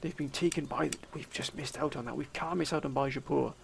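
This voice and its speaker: Gravelly male let's-play commentator, theatrical commander tone, voice a touch high. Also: steady tone, brisk, slight background noise. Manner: theatrical, addresses viewers as 'sir' and 'gentlemen'. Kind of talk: game commentary.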